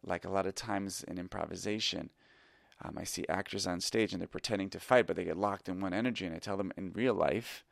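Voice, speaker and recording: Man, middle-aged, very low voice, gravelly, confessional storytelling, candid and self-critical. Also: fairly quick, no echo, clean studio sound. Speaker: improv teacher.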